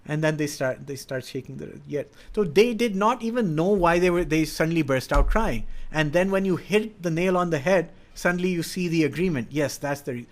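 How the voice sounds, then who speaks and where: A man's voice: a little high, normal speed. A middle-aged man explaining child development in an earnest, instructive way, sometimes acting out what a parent or child would say. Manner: earnest, acts out parent-child dialogue in quoted voices. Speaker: educator speaking on child development. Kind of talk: explanatory talk.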